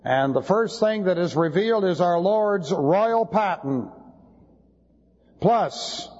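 A male Bible teacher in an emphatic lecture style, stopping to spell out Greek words letter by letter. His voice sits a little high. The recording is a dull lo-fi tape with long reverb from a church hall. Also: a little mellow. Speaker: pastor.

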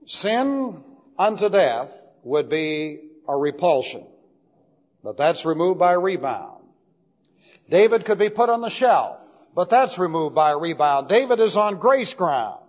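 High-voiced man preaching in an echoing hall. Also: very animated, a little slow. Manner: emphatic, repeats key terms, explains step by step. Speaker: pastor. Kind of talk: expository sermon teaching. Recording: dull lo-fi recording with long hall reverb.

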